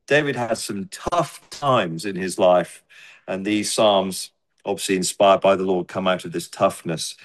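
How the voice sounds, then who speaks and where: Conversational male preacher in church. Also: mid-range voice. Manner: conversational preaching with asides and repetitions. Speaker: pastor. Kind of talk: sermon.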